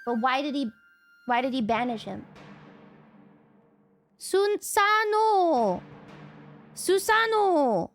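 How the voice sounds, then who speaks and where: A woman streaming and chatting casually with her viewers. She swears, laughs often and yells at chat. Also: on the high side, steady tone, fairly quick, soft background music.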